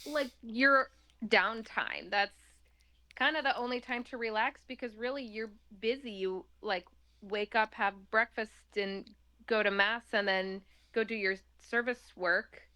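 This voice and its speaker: A woman's voice: on the high side, measured pace, pushed and bright. A woman talking casually as an interview guest, chatty and laughing often, with many fillers.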